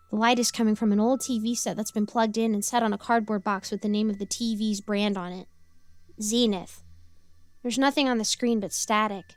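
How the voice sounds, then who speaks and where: A woman's voice: on the high side, a little mellow, dry recording. A woman narrating a first-person horror story with a playful, girlish delivery and sudden yelps and giggles.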